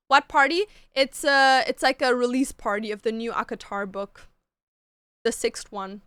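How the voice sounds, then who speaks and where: A woman's voice: high voice, steady tone, moderate pace, fairly bright tone, clean tone, no room sound. A woman streamer chatting casually with her chat, gushing about books and shows and swearing freely. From Canada.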